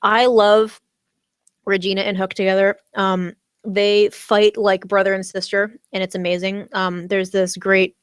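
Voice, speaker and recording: An American woman vlogger in a loose, rambling chat, full of "um"s, restarts and giggly bursts of excitement. Her pitch sits in an ordinary middle range. The sound is close and dry, with no room behind it. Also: unhurried, clear, resonant tone, no room sound. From United States. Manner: rambling, with many fillers and restarts, giggly enthusiasm. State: talking around a candy in her mouth. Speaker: vlogger recapping a TV episode. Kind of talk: casual livestream chat.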